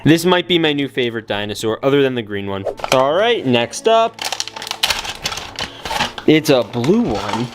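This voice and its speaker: A young man excitedly narrating a toy unboxing, joking and talking to the toys and to viewers. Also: mid-range voice, measured pace, pauses often. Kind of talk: excited casual unboxing commentary. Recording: soft music bed under voice. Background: soft background music.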